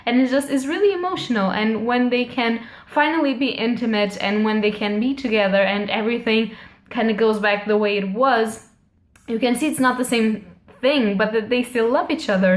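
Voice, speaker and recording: A woman giving a casual, chatty TV episode review, talking straight to her viewers and often restarting her sentences. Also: on the high side. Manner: chatty, often addresses viewers, self-corrects. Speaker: TV series reviewer. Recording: echoey room.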